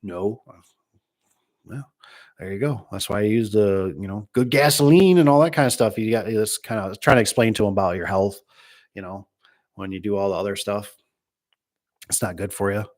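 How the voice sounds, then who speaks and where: A man's voice: fairly low pitch, brisk, darkish tone. Rambling, joking middle-aged man. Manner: rambling, joking, many restarts and asides. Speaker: garage door business owner. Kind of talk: casual storytelling to a live chat.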